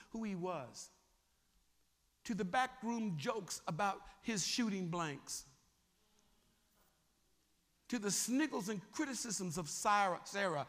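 Casting: lively male bishop preaching, high, bright and gravelly, in an echoing hall. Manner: animated preaching, questions the congregation. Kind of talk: sermon.

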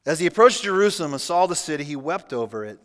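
A man preaching a sermon as pastor, reading scripture aloud and adding relaxed, humorous asides. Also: on the high side, fast. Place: church sanctuary. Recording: church hall with long reverb.

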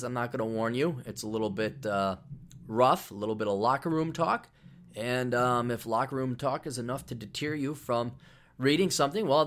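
A man's voice: mid-range voice, a bit bright. A middle-aged man hosting a podcast, talking in a brash, sarcastic, profane way while plugging his own books. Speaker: podcast host. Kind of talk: casual podcast monologue.

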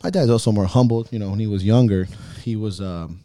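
A man's voice: lowish voice, a little fast, mellow, dry recording, clean studio sound. A man hosting a podcast, telling heartfelt personal stories in casual talk full of swearing. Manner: profane, heartfelt storytelling. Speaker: podcast host.

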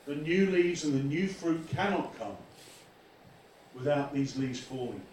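A man preaching a lively sermon as pastor, acting out quoted voices as he goes. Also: a little high, unhurried, slight background noise. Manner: animated, acts out quoted voices. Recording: echoey room from far off.

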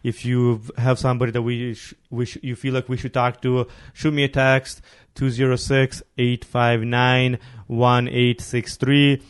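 Man, podcast host, casual rambling talk, middle pitch, dry close mic. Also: flat delivery, a little slow, few pauses, smooth, no room sound. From immigrant who arrived near his teens. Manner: rambling, laughs while telling stories.

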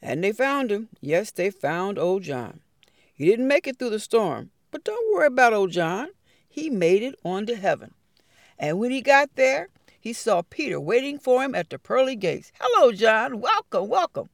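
A woman storyteller telling a folk fable in an expressive, drawn-out way. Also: medium pitch, no room sound, clean studio sound.

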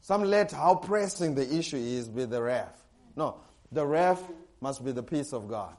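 A man preaching a sermon as pastor, animated, with sudden loud bursts and frequent laughter. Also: medium pitch, a little slow.

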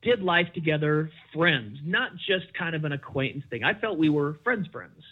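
Middle-aged guy w a high voice, animated, does the voices when he retells stuff, kinda dull audio. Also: moderate pace. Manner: animated, acts out quoted exchanges with big pitch jumps. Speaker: podcast guest. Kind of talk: candid storytelling in conversation.

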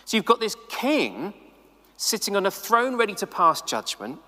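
A man preaching a sermon to the camera in a chatty, animated way, full of casual asides. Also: high-pitched, normal speed, in a large hall. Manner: animated, conversational, many "like"s. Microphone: camera mic.

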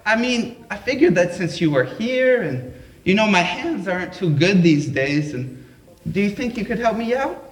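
A woman's voice: mid-range voice, expressive, moderate pace, distant mic, voice pushed up, close to an everyday voice. A man doing a sweet old Southern Baptist grandma. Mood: coaxing. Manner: gentle, hesitant, mildly coaxing. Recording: echoey live room.

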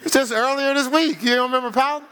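An older man preaching a sermon as pastor, playful and lively, laughing with his congregation and acting out the voices of the people he quotes. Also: very high voice, quick pace. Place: church sanctuary.

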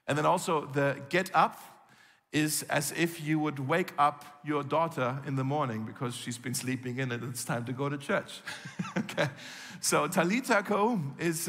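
A pastor gives a sermon as a relaxed, conversational storyteller, acting out the quoted lines in the characters' voices. His voice is slightly bright and a little high for a man. The long reverb of a large hall fills the sound.

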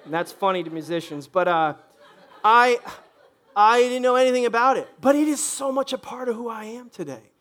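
A middle-aged male pastor preaching from the pulpit, his voice sitting notably high for a man. He talks in a loose, animated, conversational way, tripping over his own words and throwing asides to the congregation. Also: fairly quick. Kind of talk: sermon.

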